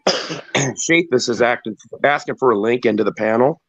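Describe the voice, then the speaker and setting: A man's voice: medium pitch, measured pace, a bit bright, dry recording. A sick, congested man joking crudely in a casual online panel chat. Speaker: panel participant. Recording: dull lo-fi sound.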